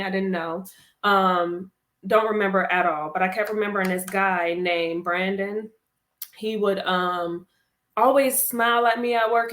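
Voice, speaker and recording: A woman's voice: mid-range voice, fairly bright tone, echoey room. A woman, an army veteran and interview guest, telling her personal story candidly and expressively, acting out her own past words.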